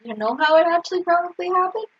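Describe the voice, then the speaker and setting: A woman's voice: very high-pitched, expressive, fast, fairly bright tone. A woman co-hosting a casual recap chat, chiming in with quips and questions. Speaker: podcast co-host. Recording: dull lo-fi recording.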